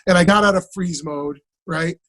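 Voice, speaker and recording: A man, an actor guest on an interview, telling stories in an animated, casual way and acting out the dialogue. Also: high voice, normal speed. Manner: animated, acts out quoted dialogue.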